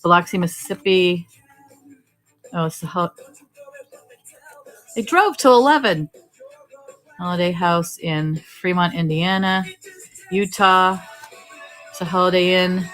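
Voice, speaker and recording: A woman selling postcards on a live-stream auction, talking briskly and joking as she sorts through stacks. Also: lowish voice, fairly bright tone, faint music behind, rough recording. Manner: brisk, joking, thinking aloud while sorting items. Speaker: online auction seller.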